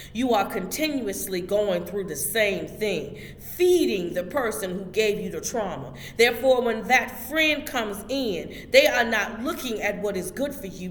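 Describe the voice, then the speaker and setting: A woman host with a medium-pitched voice gives a motivational spiritual talk, pushing each point emphatically like a preacher and addressing her listeners directly. Her voice echoes through a roomy hall with a long reverb tail, over a faint background hum.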